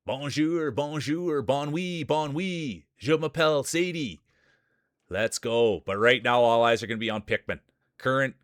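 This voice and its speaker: A man streaming live, calling a marble race in joking mock sports commentary with playful hype and teasing shout-outs to viewers. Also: mid-range voice, clean tone, no echo, clean studio sound.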